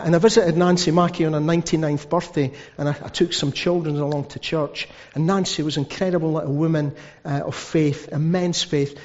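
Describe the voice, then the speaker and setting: A man preaching a sermon as pastor, telling stories with asides. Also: a little high. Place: church hall. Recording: dull sound with long hall reverb.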